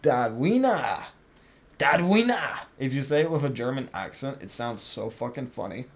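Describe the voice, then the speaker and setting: A man's voice: medium pitch, brisk, darkish tone. A young man streaming a game, chatting casually, joking around and swearing freely. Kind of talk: casual gaming stream chat.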